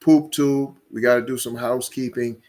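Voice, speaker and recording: A man's voice: medium pitch, steady tone, normal speed, a little mellow. A man hosting a solo podcast, talking emphatically, repeating words and stacking rhetorical questions. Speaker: podcast host.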